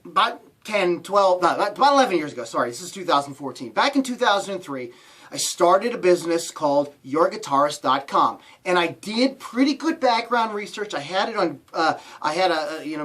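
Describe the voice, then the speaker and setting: A middle-aged man talking to camera as a business coach in a playful motivational vlog. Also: high voice. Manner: playful, animated, jokes with squealing put-on voices.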